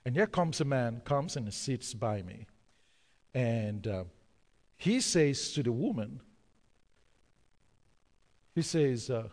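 A man preaching a sermon through a story, emphatic, repeating key words and pausing on fillers. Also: medium pitch, expressive, darkish tone, long reverb tail.

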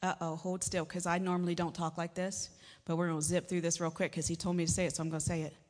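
A woman's voice: on the low side, little pitch movement, fast, darkish tone. A woman pastor preaching a sermon in a church, chatty and joking, with sudden emphatic rises. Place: church sanctuary. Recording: long hall reverb.

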